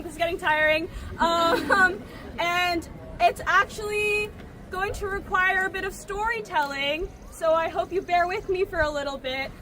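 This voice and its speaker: A woman's voice: extremely high pitch, background noise. A young adult woman student speaking nervously and emotionally at an outdoor rally, telling a personal story. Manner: nervous, warm, filler-laden, emotional. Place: outdoor campus green. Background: crowd.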